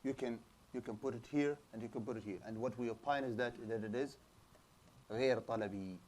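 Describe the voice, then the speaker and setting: This man lectures to a class in a halting, repetitive way, often restarting his sentences. He drops Arabic terms into his English explanation, and his voice sits at an ordinary middle pitch for a man. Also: fairly even intonation, a little mellow, slight background noise. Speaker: Islamic studies teacher. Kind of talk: classroom lecture with student questions.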